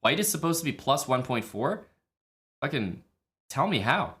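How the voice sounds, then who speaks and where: A man with a very animated, medium-pitched, slightly bright voice talks through chess lines at a moderate pace on a live stream. He's casual, blunt and profane, acting out his thoughts and laughing whenever a move looks odd.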